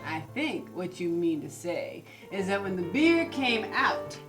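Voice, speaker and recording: A tipsy, sarcastic woman at dinner, played by an actress, trading barbs in a slow, drawling way. Her pitch swoops widely as she mocks her friend. A film soundtrack with clear music sits under the voice. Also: big pitch swings. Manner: sarcastic, teasing, theatrical. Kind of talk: indie film acting.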